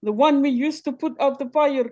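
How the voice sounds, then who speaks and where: A woman's voice: high voice, moderate pace, darkish tone, muffled recording, lightly acted. A woman doing a stammering male caretaker. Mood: hesitant. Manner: hesitant, stammering. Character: flustered male caretaker, apologetic.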